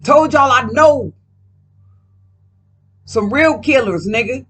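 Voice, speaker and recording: A woman's voice: high voice, expressive, slow pace, a bit bright, husky. A woman vlogger talking casually while reading tarot cards, profane and emphatic, rambling and speaking straight to her viewers.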